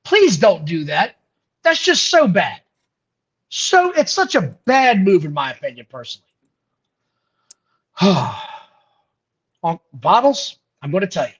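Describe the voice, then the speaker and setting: A high-voiced male host giving blunt, profane opinions on wrestling. His pitch leaps around animatedly, and the audio is dull and lo-fi. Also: very animated, takes it slowly, pauses often, a bit bright, breathy edge. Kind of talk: casual wrestling podcast chat.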